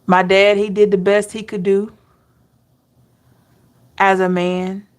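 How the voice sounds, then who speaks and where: A woman talking slowly and tenderly, her feelings close to the surface. She lingers over each thought, pausing for quiet hums as she reflects. Her pitch sits in an ordinary middle range. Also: little pitch movement. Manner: slow, emotional and heartfelt, with soft hums. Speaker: tarot reader. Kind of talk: personal reflective talk.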